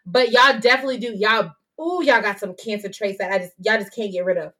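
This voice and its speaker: Young woman, podcast co-host, blunt, lively storytelling, brilliant tone. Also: mid-range voice, a little fast. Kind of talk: casual chat.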